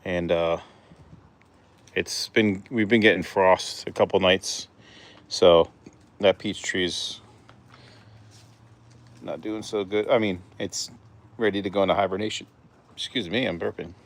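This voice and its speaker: Very low-voiced man, relaxed backyard vlog. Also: slow pace, long pauses. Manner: relaxed, rambling, chatty with his hens. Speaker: backyard chicken keeper, vlogger. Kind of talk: casual walk-and-talk vlog. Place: outdoors in a backyard garden. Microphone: handheld phone camera.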